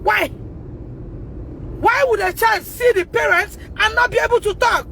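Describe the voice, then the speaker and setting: A Nigerian woman with a Nigerian English accent, speaking out on a phone livestream, emotional and repetitive, rising to shouts and tearful at times. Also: very high voice, slow pace, gravelly, slight background noise, poor audio. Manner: emotional, repeats herself, rises to shouting. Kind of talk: impassioned livestream testimony.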